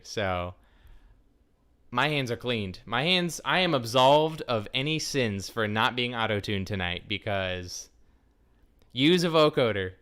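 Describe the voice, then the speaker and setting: A man hosting a live stream in a bright, forceful voice, bantering loosely with his chat. He jumps from thought to thought with playful jokes. His delivery is smooth and crisp. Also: mid-range voice. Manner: scattered, jokey, talks straight to the chat. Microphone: desk microphone.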